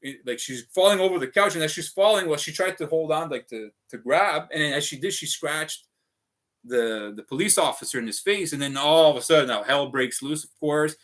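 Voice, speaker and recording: A man's voice: a little high, fairly quick, fairly bright tone. A man rambling through a casual livestream, swearing often and piling up fillers as he talks. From Canada. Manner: profane, restless, full of fillers.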